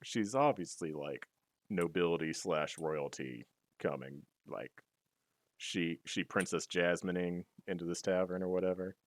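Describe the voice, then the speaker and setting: A man's voice: low voice, measured pace. A man playing a tabletop game, joking and swearing as he describes what his character does. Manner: joking, profane, cocky. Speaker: player. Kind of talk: casual tabletop game chat.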